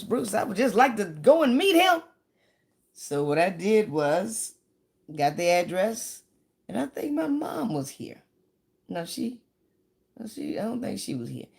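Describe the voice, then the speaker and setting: A woman comedian telling stories in a chatty, rambling way, now and then breaking into sudden shouts and sung bits. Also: fairly low pitch. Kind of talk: casual stand-up storytelling.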